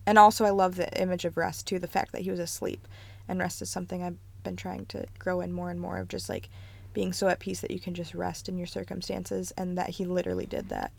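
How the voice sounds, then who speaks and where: A woman co-hosting a casual faith podcast, sharing reflections in a thoughtful, calm way. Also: on the low side, brisk, gravelly. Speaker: podcast co-host.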